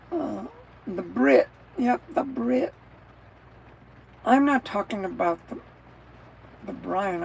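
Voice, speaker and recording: A woman's voice: medium pitch, vocal fry, darkish tone, a little hiss or hum, low-quality recording. A woman chatting casually on a live stream, rambling from thought to thought and answering viewers' comments as she goes. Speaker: livestreamer.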